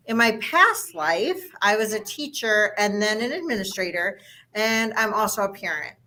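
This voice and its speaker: Bright woman hosting a panel. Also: fairly high pitch, low-quality recording. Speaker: host and technology coach.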